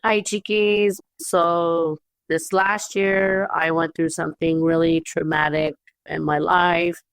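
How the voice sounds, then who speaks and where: Woman caller, hesitant, holding back tears, low voice, dry sound. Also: little pitch movement, takes it slowly, smooth, no room sound. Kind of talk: recorded voice message.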